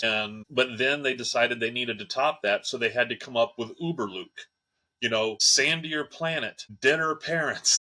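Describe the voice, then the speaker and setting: A man's voice: mid-range voice, sharp tone, low-quality recording. Storytelling man in a podcast chat. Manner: storytelling, acts out quoted exchanges. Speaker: podcast co-host. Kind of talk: casual chat.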